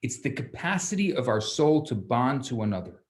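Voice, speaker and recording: A man, a rabbi, teaching a class, telling a story with lively asides and frequent restarts. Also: medium pitch, moderate pace. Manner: animated storyteller, acts out children's voices, stammers on restarts. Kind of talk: storytelling lecture.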